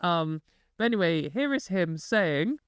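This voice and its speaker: A woman's voice: on the low side, animated, a little slow, clean tone, no room sound, studio quality. A woman hosting a casual commentary video, sarcastic and exasperated, swearing now and then. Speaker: commentary host.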